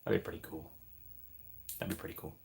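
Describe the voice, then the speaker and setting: A man's voice: fairly quick, noisy background. A man hosting a casual live stream, joking around and thanking his chat. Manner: jokey, thanks chat often, trails off into asides.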